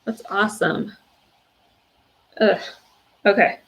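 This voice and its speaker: Gushing woman host with vocal fry. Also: mid-range voice, steady tone, slow. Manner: emotional and gushing, with soft fillers. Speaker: livestream host. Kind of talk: casual livestream chat, reading viewers' stories aloud.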